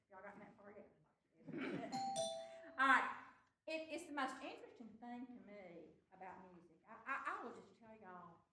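An older woman, leading a children's music workshop in a chatty, animated way and asking the group to join in. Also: mid-range voice. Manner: chatty, animated, laughs often, asks the group to repeat. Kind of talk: teaching talk to a live group. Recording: echoey hall, mic from far off.

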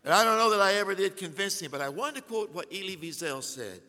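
Bright-voiced older pastor preaching in a hall. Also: male voice, high voice, very animated, quick pace. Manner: humorous storytelling with big swings from hushed to loud. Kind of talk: sermon. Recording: long hall reverb.

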